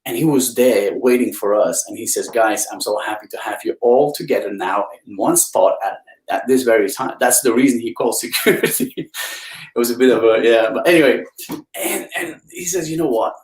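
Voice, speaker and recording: A man's voice: a little fast, reverberant, poor audio. A man from Belgium, a guest speaker on a live video interview, telling stories with enthusiastic, swooping emphasis. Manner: enthusiastic storyteller, swings pitch up for emphasis. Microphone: video call.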